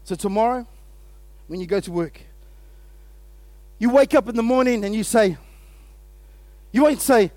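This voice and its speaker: A man preaching a sermon as pastor, energetic and exclamatory, calling out to his congregation and laughing between points. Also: sits high, unhurried, pauses often, no echo. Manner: energetic and exclamatory, often laughing, calls out to the audience.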